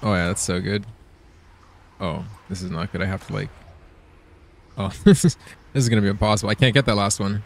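A man's voice: lowish voice, a little fast, creaky, long pauses, a little hiss or hum. A man streaming a game, talking casually to his viewers with a lot of swearing and frequent laughter. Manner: excitable, profane, laughs often. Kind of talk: casual gameplay commentary.

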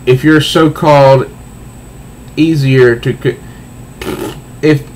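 A man voicing a stern, noble warrior princess heroine, delivering slow, solemn lines. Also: on the high side, fairly even intonation, darkish tone, slight background noise, low-quality recording. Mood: defiant.

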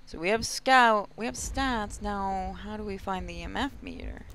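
A man's voice: sits high, normal speed, sharp tone, slight background noise. A man hosting a casual let's-play video, chatting and reacting aloud as he plays a game. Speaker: gaming video host.

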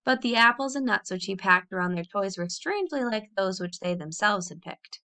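A woman reading a children's novel aloud in a clear, expressive storytelling voice. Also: medium pitch, normal speed. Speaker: audiobook reader.

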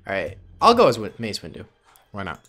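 A man's voice: fairly low pitch, wildly swooping pitch, brisk, sharp tone. A man giving casual, playful commentary over his own gameplay as a gaming host, joking with his viewers. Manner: playful, jokey, talks to viewers as "boys". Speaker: gaming YouTuber.

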